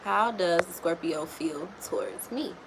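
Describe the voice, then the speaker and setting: A woman's voice: on the low side, measured pace, gravelly, slight background noise. A woman giving a casual live-stream tarot and astrology reading, blunt and slangy, swearing and chatting with viewers. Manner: blunt, slangy, swears freely, talks to chat.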